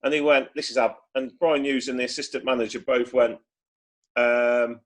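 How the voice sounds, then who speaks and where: A man's voice: medium pitch, steady tone, moderate pace. A man, a former footballer casually telling rambling stories over a video call. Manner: chatty, rambling with many restarts and acted quotes. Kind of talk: casual storytelling.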